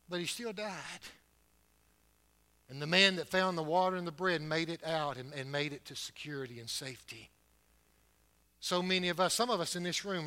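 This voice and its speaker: Bright, emphatic preaching man. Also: high voice. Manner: emphatic preaching with wide swings in loudness and pace. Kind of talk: sermon. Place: church building.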